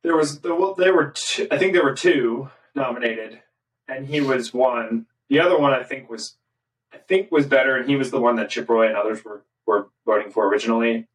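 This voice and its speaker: Male co-host, middle pitch, casual interjections, slightly distant mic. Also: a little fast. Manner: short agreeing interjections, chiming in. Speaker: podcast co-host. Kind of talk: casual podcast discussion.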